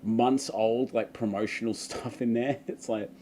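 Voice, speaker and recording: A man hosts a live question-and-answer stream, talking loosely and laughing a lot. His voice sits in an ordinary middle pitch, and he jumps into playful, exaggerated bits. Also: fairly even intonation, unhurried, mellow, a little hiss or hum. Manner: chatty, laughs often, mock-dramatic outbursts. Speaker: vlogger. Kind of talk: live Q&A chat.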